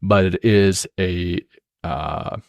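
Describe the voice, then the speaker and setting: A man's voice: deep voice, fairly even intonation, very slow, creaky, no room sound, dull audio. A man co-hosting a casual podcast, talking in an earnest, reflective way and correcting himself as he goes. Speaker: podcast co-host.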